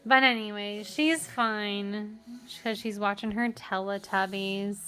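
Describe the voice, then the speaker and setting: A woman's voice: mid-range voice, steady tone, takes it slowly, fairly bright tone. A young woman vlogger telling a story in a casual, rambling way, full of "like" fillers, still shaken and jittery.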